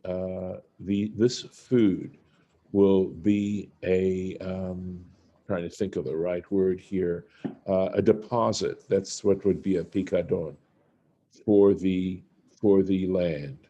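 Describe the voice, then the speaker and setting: A man with a low, very dark and mellow voice leads a Torah study. He talks slowly and works through the text phrase by phrase, reading the Hebrew and then giving its meaning. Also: dull audio. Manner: unhurried, reads Hebrew and translates phrase by phrase. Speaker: Torah teacher. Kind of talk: verse-by-verse study lesson.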